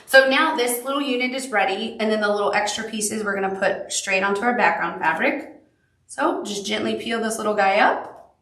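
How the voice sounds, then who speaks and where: A woman's voice: medium pitch, moderate pace, fairly bright tone, reverberant, distant mic. A woman with a Southern accent leads a live quilting tutorial, chatty and upbeat, with cute little asides. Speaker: quilting instructor.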